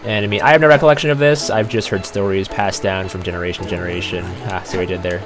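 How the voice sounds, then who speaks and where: A man's voice: deep voice, fairly even intonation, quick pace, over music. A young Canadian man hosting a let's play, telling rambling stories in casual, laid-back commentary.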